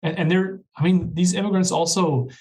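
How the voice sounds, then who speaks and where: A man's voice: high-pitched, steady tone, a little fast, a little mellow, low-quality recording. Earnest man in a podcast chat. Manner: earnest, many restarts and "like, right?" tags. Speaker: guest professor. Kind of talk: conversational podcast interview.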